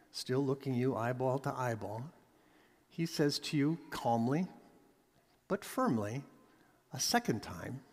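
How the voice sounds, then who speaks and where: A man's voice: medium pitch, long reverb tail. A pastor delivering a sermon with emphatic preaching, his voice rising and dropping for effect.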